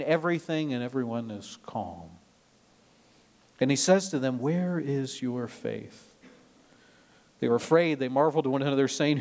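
A man from Nebraska, a pastor preaching a sermon in a conversational way, mixing scripture with personal anecdotes and lively storytelling. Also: fairly high pitch. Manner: lively storytelling, rising when retelling drama.

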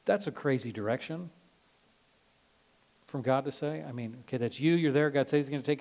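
A man's voice: medium pitch, fairly quick, darkish tone. A male pastor giving a casual, conversational sermon, full of fillers and dramatized quotes. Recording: long reverb of a large hall.

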